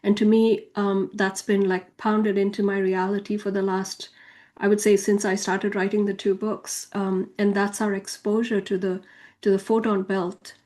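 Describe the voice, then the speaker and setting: A woman and author sharing spiritual views in casual talk, soft-spoken with hesitant fillers. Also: medium pitch, little pitch movement, normal speed. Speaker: author and co-host.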